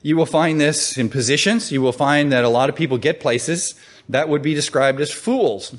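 A man preaching a sermon, conversational and animated, often asking the listeners questions and rising in pitch to stress quoted calls. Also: normal speed.

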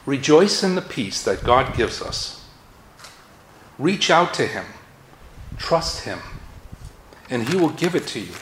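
A man's voice: medium pitch, sing-song, slow pace, long pauses, a bit bright, a little hiss or hum. A man with a Massachusetts accent preaching a sermon in an earnest manner, his voice lifting in force when he reads scripture aloud. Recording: roomy echo.

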